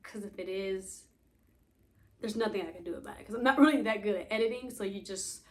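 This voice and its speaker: A woman's voice: medium pitch, fairly quick. A young woman vlogging in a casual, rambling way, telling stories animatedly and acting out dialogue, laughing often, recorded on wireless earbuds. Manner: laughs often while talking. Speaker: YouTuber. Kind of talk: casual rambling vlog talk.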